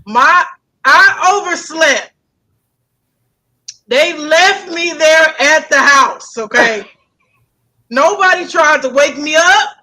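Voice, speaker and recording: Young kc woman, high voice, lively storytelling, keeps saying okay. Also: slow pace, long pauses, poor audio. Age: young adult. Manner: animated, repeats herself, fills with "okay?". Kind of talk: casual storytelling.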